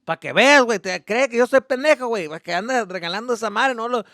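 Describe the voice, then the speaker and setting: A man puts on a stubborn middle-aged father, shouting and scolding in a high, strained voice. He swears freely and sounds deeply suspicious, his pitch swinging wildly. The recording is dry and close. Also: lively intonation, rapid-fire, no room sound, full character voice.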